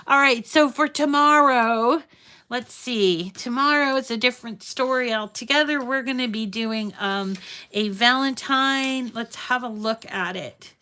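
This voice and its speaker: A woman hosting a casual crafting livestream, chatting warmly with viewers and reading their comments aloud. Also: a little high, a little slow. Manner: talks sweetly to her dogs in a raised voice.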